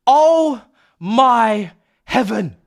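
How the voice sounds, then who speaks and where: A young man streaming a football watch-along, excitedly yelling and exclaiming at every moment of the match. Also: very high voice. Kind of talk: live reaction commentary.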